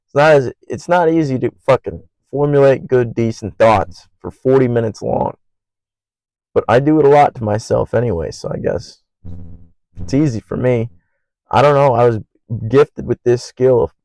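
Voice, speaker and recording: A young man hosting his own podcast alone, rambling in an earnest, profane way and naturally loud. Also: medium pitch, normal speed, gravelly, no echo, rough recording. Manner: loud by habit. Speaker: podcast host. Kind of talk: casual solo podcast monologue.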